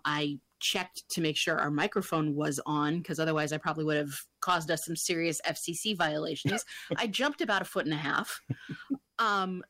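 A woman's voice: on the low side, pushed and bright, no room sound. A woman on a casual panel chat, chatty and self-deprecating, laughing easily.

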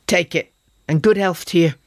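A man voicing a tall, cheerful woman who trades at a market, talking loudly and bluntly. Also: a little high, level tone, moderate pace, dry recording, studio quality, close to an everyday voice.

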